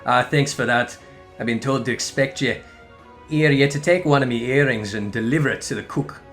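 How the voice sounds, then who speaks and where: A man voicing a gruff, burly male fisherman in a mock Irish-Australian accent. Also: mid-range voice, normal speed, a bit bright, faint music behind, close to an everyday voice.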